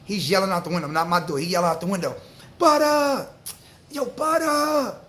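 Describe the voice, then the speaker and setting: A man, telling a story to camera in a loose, slang-filled, animated way. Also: high-pitched, racing. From New York. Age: 40s. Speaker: vlogger.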